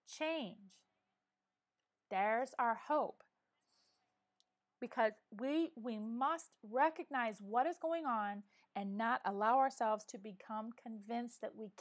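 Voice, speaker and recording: A middle-aged woman hosting a casual live chat, talking earnestly and encouragingly straight to her viewers. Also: a little high. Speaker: live-stream vlogger.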